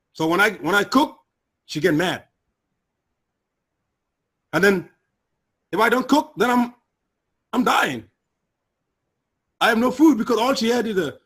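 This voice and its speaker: A middle-aged man tells his personal testimony in an earnest, emotional way. His voice sits a bit high for a man and has a husky, breathy edge. He sinks low and quiet when the memories turn hard. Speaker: guest sharing personal testimony.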